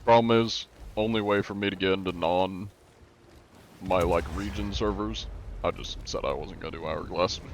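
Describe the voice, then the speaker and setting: A man's voice: low voice, steady tone, moderate pace, a little hiss or hum. A man streaming live, chatting casually while gaming and answering his chat, rambling with many fillers and restarts.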